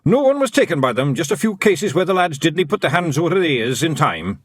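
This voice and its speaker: A man voicing a small, fierce male pixie chieftain, brusque and gruff, often yelling. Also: a little high, sing-song, fairly quick, no room sound, studio quality, voice pushed up.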